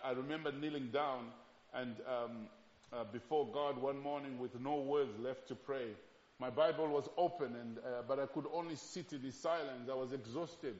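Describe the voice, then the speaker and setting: A man preaching a sermon as pastor, passionate, moving from loud pleading to quiet reflection. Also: medium pitch, normal speed. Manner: impassioned, swings from loud pleading to hushed reflection. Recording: echoey hall, dull lo-fi sound.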